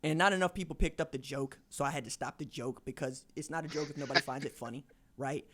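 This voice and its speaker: A man hosting a casual sports podcast, telling animated stories and acting out quoted voices. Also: fairly high pitch, quick pace. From Tulsa, Oklahoma. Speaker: podcast host.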